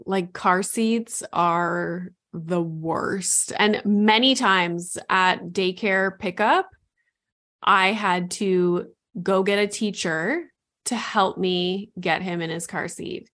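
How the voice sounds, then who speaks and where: A woman's voice: lowish voice, a bit bright. A woman in her thirties, a podcast guest, chatting casually with a lot of "like" and frequent laughs. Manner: unhurried, filler-heavy, laughs often. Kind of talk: casual chat.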